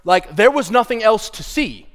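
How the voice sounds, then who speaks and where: A male pastor preaches with passion, speaking plainly and directly to his congregation with easy, casual asides. His voice sits a touch higher than most men's. It rings out with a long reverb in a large church hall. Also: animated, normal speed, fairly bright tone. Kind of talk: sermon. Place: church sanctuary.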